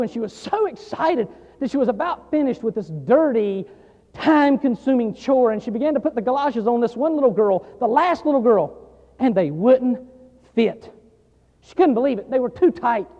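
A pastor delivers a sermon from the pulpit, his voice sitting unusually high. He repeats phrases with rising force, storytelling between bursts of emphasis. The recording is dull and muffled, with a long church reverb trailing every line. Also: animated, normal speed. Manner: emphatic preaching, repeating phrases, swelling louder on key lines. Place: church sanctuary.

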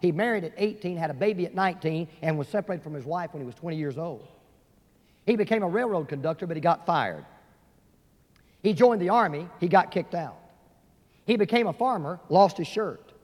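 A man with a notably high voice preaches from the pulpit, telling stories with lively acted-out voices. His words ring through a large church sanctuary, trailing a long echo. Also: a little fast. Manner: storytelling preacher who acts out quoted voices. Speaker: pastor. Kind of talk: sermon. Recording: long reverb of a large hall.

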